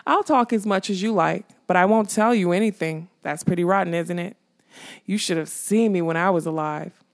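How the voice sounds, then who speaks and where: A woman's voice: on the low side, natural voice. A woman voicing a sly, mocking dead skull. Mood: teasing. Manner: sly, teasing, slow drawl. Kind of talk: audiobook reading.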